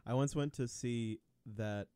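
A man's voice: medium pitch, measured pace, warm tone, clean tone, dry recording. A young man co-hosting a student radio show, chatting casually in a laid-back, joking way. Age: young adult. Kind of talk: casual chat.

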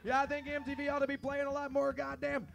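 A man ranting rowdily and profanely on a live stage, often shouting, with guitar playing behind him. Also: very high-pitched, monotone, quick pace, gravelly. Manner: rowdy, swaggering, shouting. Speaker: musician on stage. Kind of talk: profane rant between songs. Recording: live gig with loud guitar.

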